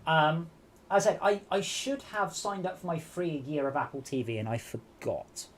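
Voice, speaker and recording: A man's voice: on the high side, expressive, moderate pace, slight background noise. A man hosting a casual game-night stream, telling rambling anecdotes full of restarts. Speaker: stream host. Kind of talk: casual chat.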